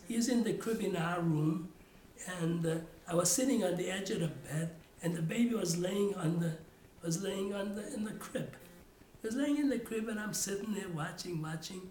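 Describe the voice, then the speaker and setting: An older man tells family stories in an oral history interview. He rambles and restarts his sentences often. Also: high-pitched. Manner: rambling storytelling with many restarts. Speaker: father telling family stories. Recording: roomy echo.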